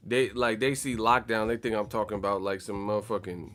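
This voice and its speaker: A man's voice: lowish voice, little pitch movement, fairly quick, fairly bright tone. A man hosting a boxing channel livestream, chatting casually in a profane, joking, slangy way. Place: in the Bay Area, California.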